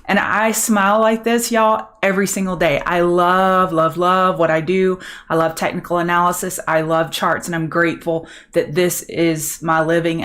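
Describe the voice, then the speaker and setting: This trading show host is a middle-aged woman from Louisiana whose Southern-accented voice runs on the low side. She hosts a live market commentary stream in a chatty, upbeat manner, greeting and answering viewers by name.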